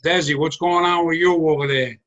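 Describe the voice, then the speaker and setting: Chatty Rhode Island host, bright tone. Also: male voice, on the high side, steady tone, a little fast, muffled recording. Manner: chatty, laughs easily. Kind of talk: casual chat on a video call. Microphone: video call.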